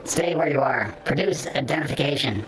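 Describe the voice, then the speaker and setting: A man voicing a hostile security android drone through a voice filter, giving clipped monotone commands. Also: medium pitch, fairly quick, a crowd in the background, rough recording. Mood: commanding.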